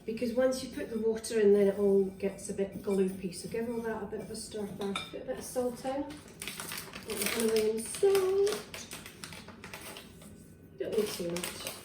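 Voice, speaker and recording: Scottish woman, fairly high-pitched, rambling home-cooking vlog, roomy kitchen with clattering pans. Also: animated, normal speed, distant mic, background noise. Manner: chatty and rambling, with fillers and restarts. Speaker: wellness vlogger. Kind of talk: casual cooking demonstration. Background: clinks of dishes, cutlery and pans.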